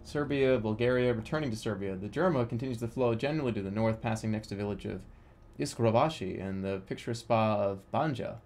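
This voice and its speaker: A man streaming a game, rambling and joking about himself, then breaking into excited shouts. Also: fairly low pitch, fast. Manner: rambling, self-mocking, bursts into excited shouting. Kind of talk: casual live-stream commentary while gaming.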